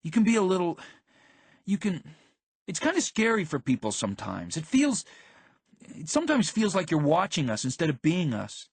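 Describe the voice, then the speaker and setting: A frightened, quick-tempered teenage girl, put on by a man reading an audiobook, pitched well above his own voice and a little breathy. She talks fast and pleading, with a dry, close sound. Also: warm tone, dry recording. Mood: exasperated. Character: anxious, sharp-tongued teenage girl. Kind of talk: audiobook character voice.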